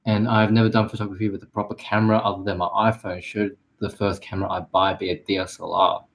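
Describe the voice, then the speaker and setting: A young man with a low voice who talks fast, jumping into the stream chat with quick agreements and asides. He sounds like one of a few friends talking at home late at night. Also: flat delivery, gravelly. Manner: quick, chiming in with short agreements. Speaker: co-host. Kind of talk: casual live stream chat.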